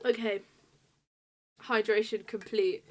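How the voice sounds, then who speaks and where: A woman streaming a video game, chatting casually with viewers in a giggly, excitable way. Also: mid-range voice, slow pace. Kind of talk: casual live-stream commentary.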